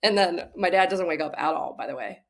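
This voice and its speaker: Woman, young adult, comedian, casual storytelling, animated, laughing, lowish pitch. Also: creaky. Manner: animated storyteller, laughs often, many fillers. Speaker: comedian, podcast guest.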